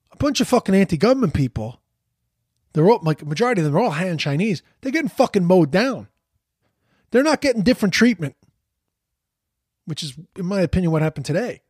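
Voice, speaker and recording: Man, ranting political commentary, husky, fairly high voice, lots of swearing, dry sound. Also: no room sound. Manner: profane, ranting, repeats words when heated.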